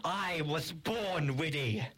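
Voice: medium pitch, slow pace, a bit bright. A young storyteller voicing a cocky little toy who makes smug quips.

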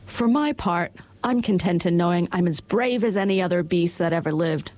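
A woman's voice: lowish voice, animated, moderate pace, darkish tone, close to an everyday voice. A woman voicing a male lion who speaks earnestly and with self-assurance in a storybook reading. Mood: proud. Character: proud, modest male lion.

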